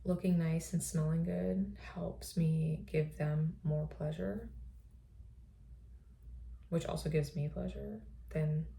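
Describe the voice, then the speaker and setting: A woman host in a reflective personal monologue, speaking softly and often slipping into a breathy whisper. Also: deep voice, steady tone, slow pace. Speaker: podcast host.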